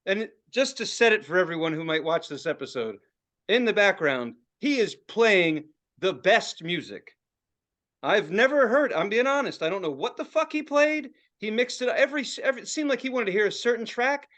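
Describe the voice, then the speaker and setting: A male podcast host tells a long story in casual chat and swears freely as he goes. His voice sits fairly high and swings widely in pitch, which keeps the delivery animated. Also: brisk.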